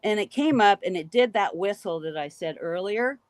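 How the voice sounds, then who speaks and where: A woman guest recounting a frightening encounter in an animated, emphatic way, repeating key phrases. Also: mid-range voice, moderate pace, no room sound. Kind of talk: emotional storytelling.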